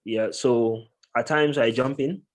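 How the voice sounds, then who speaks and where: Man answering with frequent filler pauses. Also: medium pitch. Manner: thoughtful, many filler pauses. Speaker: guest, tech professional. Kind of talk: casual interview answers.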